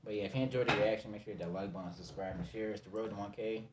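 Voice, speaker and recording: Fast slangy man in an echoey room. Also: lowish voice, fairly even intonation, dull audio, background noise. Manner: fast, slangy, says bro a lot. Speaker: reaction video host. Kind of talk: casual reaction chat.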